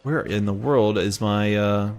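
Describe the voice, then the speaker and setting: A man's voice: on the low side, measured pace. A man with a Southern US accent giving casual, rambling gameplay commentary, chatty and self-mocking. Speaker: let's play gamer.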